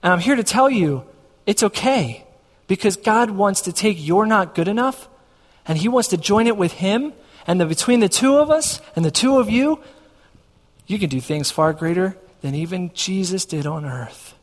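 A man's voice: high-pitched, expressive, moderate pace, long reverb tail. A man preaching a sermon as a pastor, telling a story and acting out his own dialogue with God.

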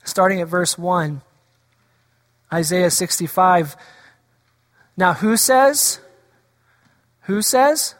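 A pastor delivers a sermon in a church sanctuary, putting question after question to the congregation. The voice sits in a middle pitch range. A long reverb from the hall trails each phrase. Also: lively intonation, extremely slow, pauses often. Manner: asks the congregation rhetorical questions; acts out quoted voices of scripture.

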